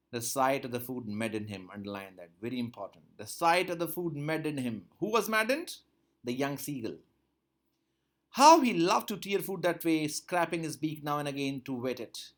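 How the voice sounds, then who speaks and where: A man teaching a textbook story, reading each line aloud and then repeating and explaining it. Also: fairly high pitch. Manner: reads a line, then repeats and paraphrases it with rising emphasis. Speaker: English teacher.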